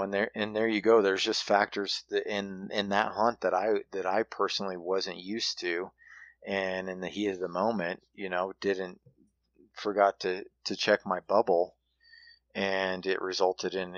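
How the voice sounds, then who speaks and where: A man casually telling a hunting story in a halting way, with many restarts and fillers. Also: low-pitched, a bit bright, no echo, dull audio.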